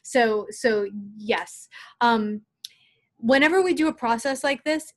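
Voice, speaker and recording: A woman guest, a spiritual channeler, giving gentle, soothing, earnest guidance on a live call. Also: a little high.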